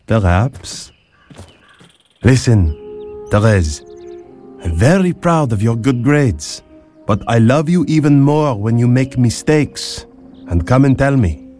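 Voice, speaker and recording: A man playing a gentle, slow-spoken father. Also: mid-range voice, lively intonation, faint music behind. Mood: tender. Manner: slow, tender, reassuring. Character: gentle, loving father of five daughters. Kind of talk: audio drama acting.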